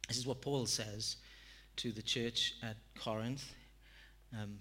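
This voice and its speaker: A man's voice: mid-range voice, slow, husky. Man preaching a sermon story. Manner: self-deprecating, animated storytelling. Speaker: pastor.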